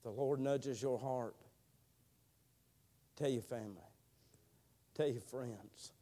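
A man preaching a sermon, telling a slow, drawling testimony that builds into fervent prayer. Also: medium pitch, mellow.

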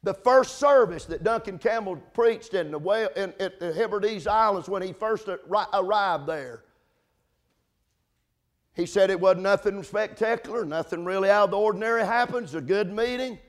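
Male preacher with a high voice, fervent and repetitive, speaks to his congregation. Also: moderate pace. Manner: impassioned, building to shouted climaxes; repetitive, with restarts and asides to congregants by name. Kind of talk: sermon.

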